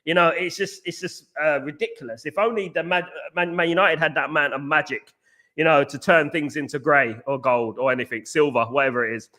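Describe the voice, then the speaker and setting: Rambling bright-voiced man. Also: on the high side, steady tone, a little fast. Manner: rambling, repeats phrases, shouts out chat users. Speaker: watchalong host. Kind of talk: live football watchalong chat.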